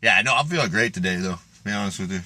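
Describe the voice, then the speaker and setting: A man's voice: on the low side, expressive, rapid-fire, pushed and bright. A man in a swearing, mocking rant as a fitness vlogger, laughing between lines. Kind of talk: profane rant.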